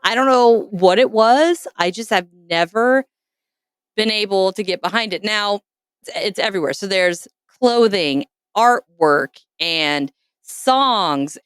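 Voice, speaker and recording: A woman hosting a podcast, telling a self-mocking story in an animated, casual way. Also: medium pitch, takes it slowly, clear, resonant tone, no echo. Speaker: podcast host.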